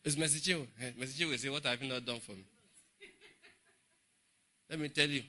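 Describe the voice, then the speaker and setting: A middle-aged man with a Nigerian English accent preaching a humorous, animated Bible study sermon in church. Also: mid-range voice, fairly quick, slight background noise. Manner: humorous, laughing, animated storytelling. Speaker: pastor.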